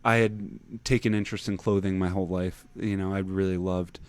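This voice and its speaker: A young man guest in a casual interview, talking haltingly, repeating words and laughing easily. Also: deep voice, steady tone, clear, resonant tone. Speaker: podcast guest.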